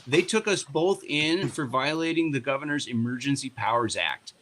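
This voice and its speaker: Bright-voiced, profane storyteller man. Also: medium pitch, normal speed, slight background noise. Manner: profane, animated, sarcastic. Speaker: party board member and guest. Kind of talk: casual podcast storytelling.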